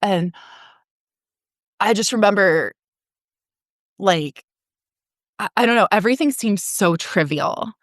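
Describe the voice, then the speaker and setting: A woman's voice: mid-range voice, expressive, takes it slowly, long pauses, no echo, clean studio sound. A woman in her forties, a podcast guest telling her own story frankly, with frequent laughs and casual swearing. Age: 40s. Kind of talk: candid personal storytelling.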